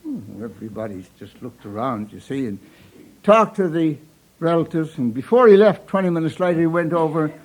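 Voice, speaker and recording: A man's voice: a little high, lively intonation, fairly quick, a little mellow, rough recording. Older Newfoundland man spinning yarns. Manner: folksy, chuckles at his own punchlines, voices characters in dialect. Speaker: storyteller. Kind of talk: live humorous storytelling.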